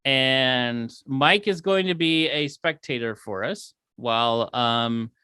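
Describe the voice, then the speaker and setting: A man's voice: medium pitch, slow pace, pushed and bright, clear, resonant tone, dry recording. A man hosting a podcast in casual chat, easygoing and steering the talk back on task. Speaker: podcast host.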